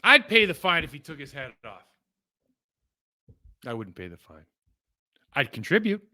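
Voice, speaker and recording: A middle-aged man casually breaking down football game film, animated and rambling with frequent asides. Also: on the high side, a little slow.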